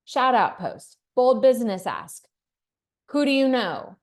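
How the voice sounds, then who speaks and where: A woman's voice: fairly high pitch, lively intonation, measured pace. A woman from Texas leading a team training, talking in an upbeat, chatty way and acting out sample scripts. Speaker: team leader. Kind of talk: training talk.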